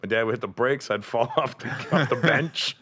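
Bright-voiced wisecracking comedian guest. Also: male voice, medium pitch, breathy edge. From Brampton, Canada. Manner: swears freely, quick wisecracks. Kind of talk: casual comedic chat.

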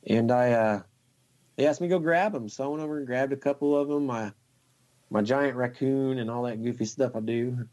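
Excitable man telling a rambling story. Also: mid-range voice, brisk. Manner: excited, rambling, laughs often. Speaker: guest fly tier. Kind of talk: casual storytelling chat.

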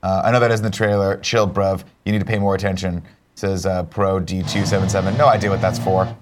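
A man's voice: sits low, flat delivery, a little fast, over music. A man hosting a casual talk show, joking and swearing as he rambles through his opinions. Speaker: show host. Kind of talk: casual chat.

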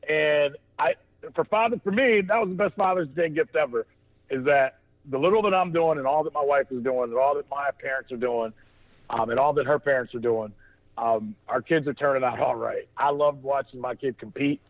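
A man's voice: mid-range voice, normal speed. Man rambling over a tinny phone line. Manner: rambling, with many restarts and laughter. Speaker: podcast co-host on a phone line. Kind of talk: casual storytelling chat.

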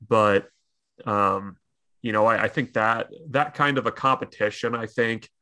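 Casting note: lowish, bright male co-host, dry close sound, loose chatty delivery. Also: a little slow, no echo. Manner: chatty, laughs easily, many restarts. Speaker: sports talk co-host. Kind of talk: casual sports chat.

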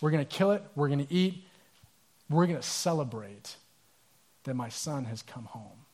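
A man's voice: fairly high pitch, animated, normal speed, a little mellow. A man voicing a joyful, forgiving father who gives emphatic, commanding orders.

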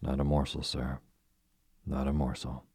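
A deep-voiced male reader doing a mischievous boy who puts on his father's stern morning manner. The voice stays very low, flat and husky, with clipped, mock-severe orders. The sound is close and dry. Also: unhurried, no echo, full character voice.

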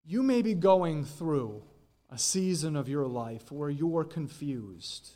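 A man's voice: fairly high pitch, animated, slow, mellow. A man preaching a sermon as pastor in a church, earnest and explaining scripture, now and then acting out the quoted lines. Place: church sanctuary.

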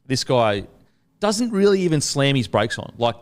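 A man's voice: medium pitch, very animated, normal speed. A man, host of a casual chat, telling a long story with lots of swearing and acted-out quotes. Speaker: podcast host.

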